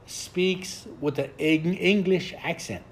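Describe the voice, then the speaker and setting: An older man with a high-pitched voice rambles through a story among friends, cursing freely and repeating himself as he goes. His tone is loose and conversational, and he often stumbles over his own words before landing the punchline. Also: slow, slight background noise. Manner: profane, rambling, laughing storyteller. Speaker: storyteller in a group chat. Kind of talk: casual chat.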